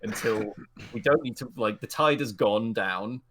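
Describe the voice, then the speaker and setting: Brief: male game master, low register, casual narration of a role-playing game. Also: a little slow, a bit bright, a little hiss or hum. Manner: casual, chatty, slips into character voices.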